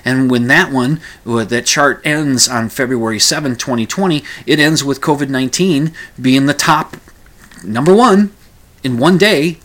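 A man's voice: medium pitch, a little slow, a bit bright. A man hosting a casual commentary show, rambling through the news with frequent restarts and asides.

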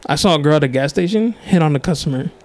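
A man telling stories in casual chat, acting out quotes and laughing often. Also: quick pace. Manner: animated storyteller, acts out quotes in high voices, laughs often.

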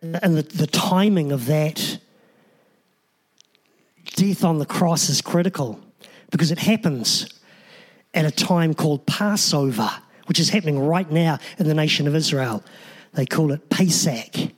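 A man's voice: on the high side, measured pace, long pauses. A man, a pastor, preaching a sermon in an earnest, emphatic way with short repeated phrases.

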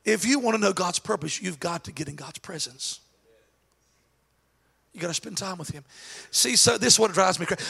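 High gravelly male preacher. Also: lively intonation, moderate pace, pauses often. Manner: jokey asides, building to shouted exhortation. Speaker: pastor. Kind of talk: sermon.

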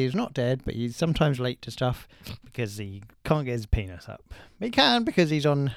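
Deadpan man co-hosting a podcast. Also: mid-range voice, fairly quick, creaky, hardly any pauses, no room sound, clean studio sound. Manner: deadpan, rambling crude jokes. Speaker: podcast co-host. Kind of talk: casual chat.

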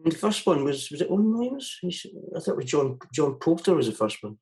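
A man's voice: on the high side, big pitch swings, fast talker, a little mellow, rough recording. A man being interviewed as a musician guest, talking casually and rambling with many restarts.

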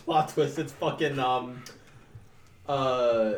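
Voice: mid-range voice, steady tone, slow pace, reverberant, far from the mic, slight background noise. A player chatting casually at a tabletop game, swearing freely and laughing often.

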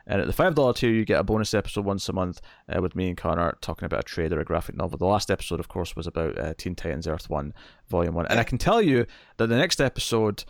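A man's voice: deep voice, lively intonation, creaky, dry recording. Dry-voiced man hosting a comics podcast. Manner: laughs often, halting restarts. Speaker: podcast host. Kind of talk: casual chat.

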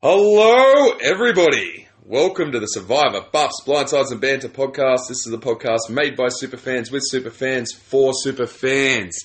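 A man's voice: mid-range voice, fairly even intonation, moderate pace, hardly any pauses, fairly bright tone. An Australian man hosting a casual podcast, chatty and laid-back, laughing easily. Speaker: podcast host.

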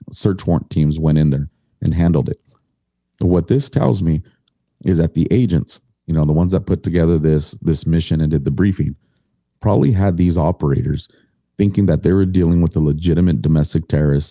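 A man's voice: deep voice, warm tone, no echo, clean studio sound. A middle-aged man telling his story as a podcast guest, blunt and indignant, swearing freely.

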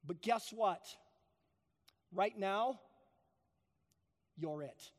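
A man's voice: high-pitched, very slow, long reverb tail. A man preaching a sermon, emphatic, repeating key phrases for stress. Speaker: pastor.

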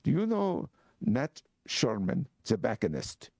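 Elderly stern monk, measured and insistent, put on by a man telling a story; dark, dry sound. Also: mid-range voice, huge pitch swings, vocal fry, no echo, voice pushed up, full character voice.

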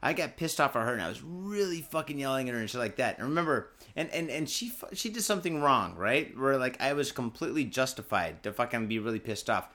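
A man hosts a loose podcast, sipping booze between rambling, profanity-laced riffs. His voice sits at an ordinary middle pitch, and he drifts easily between chatty tangents and reading the news aloud. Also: expressive, fast, hardly any pauses, sharp tone. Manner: profane, rambling, laid-back. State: drinking booze while talking. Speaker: podcast host. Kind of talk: casual drinking podcast chat and news reading.

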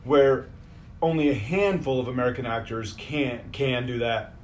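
A man's voice: mid-range voice, normal speed. Slightly drunk guy rambling about actors, swears a lot, phone recording with a bit of hiss. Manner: loose, laughing, swears freely. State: a little tipsy. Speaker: podcast co-host. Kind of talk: casual chat.

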